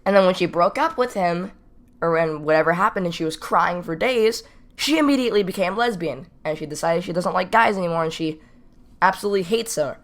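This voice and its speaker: A man's voice: high voice, fairly quick. A teenage boy casually telling a story from school, rambling and repeating himself as he goes. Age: teens. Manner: rambling, repeats "not even kidding". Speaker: storytime vlogger.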